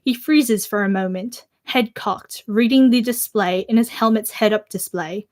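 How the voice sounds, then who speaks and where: A teenage girl reading a novel's first-person narration aloud in an amateur attempt at an Irish accent, halting and careful. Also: mid-range voice, darkish tone, close to an everyday voice. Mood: measured. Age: teens.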